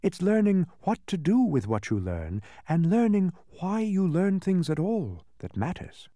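A man's voice: high voice, big pitch swings, unhurried, no echo, pitched above the performer's own voice. A man reading aloud, voicing a cheerful, friendly young princess in a storybook. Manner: bright, friendly, lilting.

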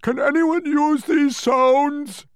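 Storybook figure: a big, clumsy male brute who loves noise, voiced by a man pitched well up, loud and slow, with a strange strained tone. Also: fairly even intonation, no echo. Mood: puffing. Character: huge noise-loving male giant, puffing and clumsy.

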